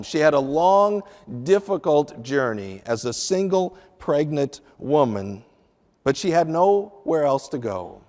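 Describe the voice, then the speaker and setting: A man's voice: fairly high pitch, slow, in a large hall. A man preaching a sermon, teaching from the Bible and acting out the lines of the people in the story with feeling. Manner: expressive Bible teaching with acted-out dialogue. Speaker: pastor.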